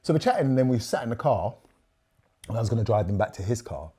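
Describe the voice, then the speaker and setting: Man in his fifties, warm storyteller. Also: medium pitch, quick pace, husky. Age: 50s. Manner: animated, repeats words, quotes others at length. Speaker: podcast guest. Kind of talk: casual storytelling.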